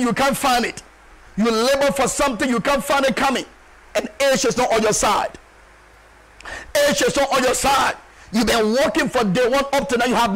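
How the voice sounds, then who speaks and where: A male pastor delivering a sermon in an emphatic, repetitive way and often shouting. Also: extremely high pitch, poor audio.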